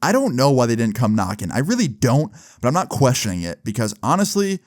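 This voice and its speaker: Young male creator, casual storytime vlog, animated and profane, mid pitch, dry sound. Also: fairly quick, dry recording. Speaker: video creator.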